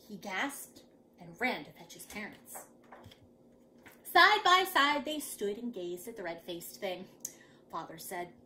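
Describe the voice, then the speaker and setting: Animated woman reading to children. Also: mid-range voice, a little slow, slight background noise. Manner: animated, dramatic. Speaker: children's storyteller. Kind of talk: reading a picture book aloud to children.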